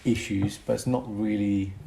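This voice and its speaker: A man's voice: fairly low pitch, fairly even intonation, normal speed, gravelly, warm tone, a little hiss or hum. A man co-hosting a casual podcast, explaining medical conditions and chuckling between points.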